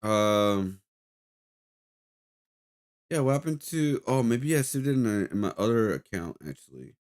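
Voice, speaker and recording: A man's voice: lowish voice, animated, measured pace, darkish tone. Rambling man telling a story. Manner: rambling storytelling with frequent fillers and swearing. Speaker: streamer. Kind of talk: casual reaction stream chat.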